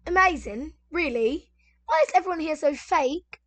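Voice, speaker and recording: Brief: a woman doing a scornful British mother-in-law, dismissive, high and loud. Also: animated, normal speed, dry recording. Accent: British, put on. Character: rude, complaining British mother-in-law, middle-aged woman.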